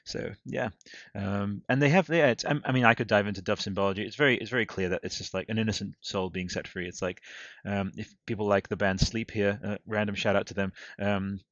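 A man with a lowish voice hosts a podcast in loose, casual chat. He rambles between topics and laughs often. The audio is dry and a little dull, as over a remote call. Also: steady tone, brisk, a bit bright, no echo. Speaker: podcast host.

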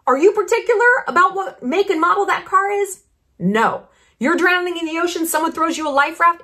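A woman's voice: extremely high pitch, very animated, bright, forceful tone. A woman in her thirties delivering a blunt, sarcastic opinion monologue as a vlogger. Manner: brash, blunt and sarcastic, with quick asides. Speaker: YouTube commentator.

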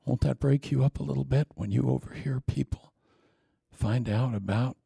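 A middle-aged man preaching a sermon, telling stories in an animated way. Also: mid-range voice, moderate pace, vocal fry, breathy edge, dry recording, studio quality.

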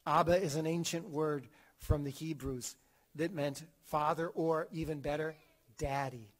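Brief: male catechism teacher, slightly higher voice, animated, acts out quotes, frequent restarts. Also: unhurried. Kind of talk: theology class lecture.

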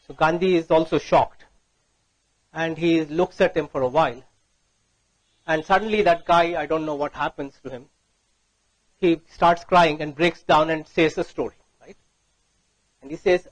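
A man's voice: on the high side, steady tone, unhurried, pauses often, no echo, rough recording. A man giving a conference talk, telling a story and often checking in with "right?". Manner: storytelling, frequent "right?" tag questions. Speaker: speaker.

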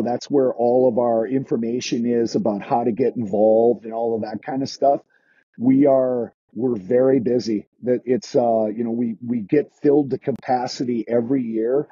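Dark, husky-voiced chatty man. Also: mid-range voice, measured pace, no room sound, muffled recording. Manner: chatty, restarts sentences, acts out quoted kids. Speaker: skating instructor. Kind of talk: casual podcast interview.

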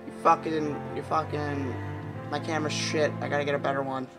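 A man giving profane let's-play commentary, reacting loudly to gameplay. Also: on the high side, level tone, fairly quick. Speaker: gaming YouTuber. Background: music playing.

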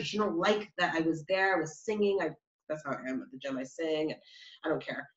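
A woman's voice: sits low, a little fast. A woman giving a casual tarot reading, talking in a chatty, rambling way with many fillers. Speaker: tarot reader. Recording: roomy, slightly dull sound.

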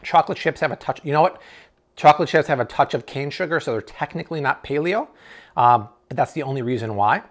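A man's voice: fairly high pitch, animated, fast talker. A man in an enthusiastic grocery haul review, exclaiming and tasting products on camera. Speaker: food vlogger.

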